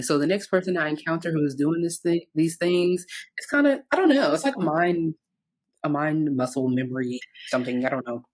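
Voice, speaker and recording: A woman's voice: low voice, lively intonation, fairly quick, darkish tone. A woman co-hosting a podcast in casual chat, laid-back, telling stories with quoted asides. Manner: frequent "mm-hmm" listening sounds. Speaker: podcast co-host.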